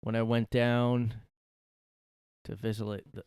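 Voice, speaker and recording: A man's voice: on the low side, level tone, unhurried, a little mellow, clean tone, dry recording, studio quality. A young man hosting a casual solo podcast from his room, rambling sarcastically and swearing often. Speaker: podcast host.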